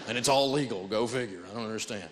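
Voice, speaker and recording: A man giving an animated, emphatic live talk on stage in a large hall, telling stories as he goes. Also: fairly low pitch, heavy background noise. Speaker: financial speaker. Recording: long hall reverb.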